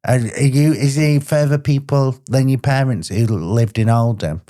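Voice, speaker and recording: A man's voice: mid-range voice, normal speed, mellow. A young man with a Mancunian accent, a guest in a casual podcast chat, easygoing with short replies and frequent laughs. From Manchester, England.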